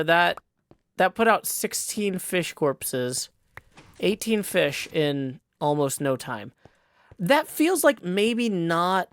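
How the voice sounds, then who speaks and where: A man's voice: high voice, a bit bright, no room sound. Dry-sounding man musing through gameplay. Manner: thinks aloud, questioning himself with playful jokes. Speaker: Minecraft server player. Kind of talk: casual gameplay commentary. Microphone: desk microphone.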